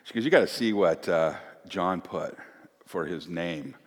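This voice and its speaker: A middle-aged man preaching a sermon, telling a family story and acting out the quotes in lively voices. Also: low-pitched, unhurried. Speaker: pastor. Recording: long hall reverb.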